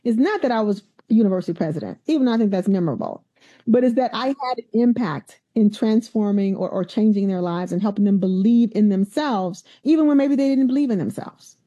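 Animated woman telling stories, muffled sound. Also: mid-range voice, brisk. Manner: animated storyteller, acts out quoted voices. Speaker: university president, guest. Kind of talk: conversational interview storytelling.

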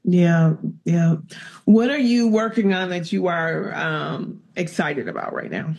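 A man hosting an interview, asking questions and telling a folksy, expressive story of his own. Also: fairly high pitch, slow, creaky, muffled recording. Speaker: podcast host. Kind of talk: casual interview chat.

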